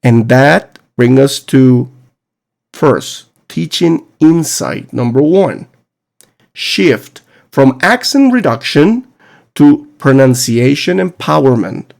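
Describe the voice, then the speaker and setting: A man at a mid pitch hosts a solo teaching podcast. He talks emphatically and asks his listeners rhetorical questions, in the manner of a teacher making a case. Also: lively intonation, slow pace, gravelly, darkish tone. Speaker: podcast host. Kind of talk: solo educational podcast monologue.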